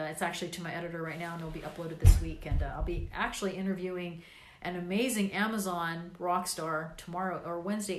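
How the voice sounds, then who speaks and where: Her voice fairly low and the sound roomy, an older vlogger and podcast host with grandchildren talks in a casual live video. Tired but encouraging, she delivers a meandering pep talk heavy with fillers.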